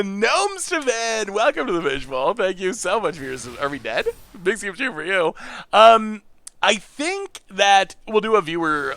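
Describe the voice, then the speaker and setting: A man's voice: fairly high pitch, no echo. A man commenting on his card game live, reacting with self-mocking laughs and chatting with viewers. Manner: animated, self-mocking, chats with viewers while playing. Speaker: streamer playing a card game. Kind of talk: casual gameplay commentary to a live chat.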